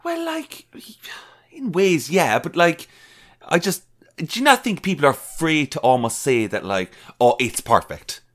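A man's voice: on the high side, huge pitch swings, a little slow, a bit bright. Chatty Irish man. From Ireland. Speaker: podcast co-host. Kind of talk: casual chat.

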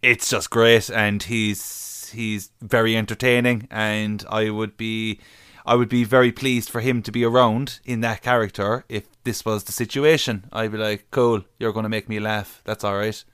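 A man's voice: fairly low pitch, level tone, moderate pace, fairly bright tone, smooth, dry recording, studio quality. A man chatting on a podcast with friends, enthusiastic and talkative. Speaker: podcast co-host. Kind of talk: casual podcast banter.

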